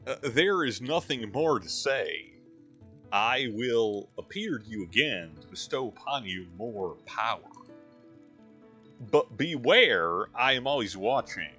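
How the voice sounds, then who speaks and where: A man voicing a cryptic male ring spirit, drawling like a surfer dude and speaking slowly and solemnly. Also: medium pitch, expressive, pushed and bright, soft background music.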